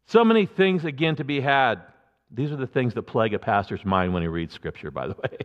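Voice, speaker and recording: A man's voice: medium pitch, expressive, brisk, big-room sound, muffled recording. A man preaching a sermon as a pastor, in a conversational, emphatic way with many restarts.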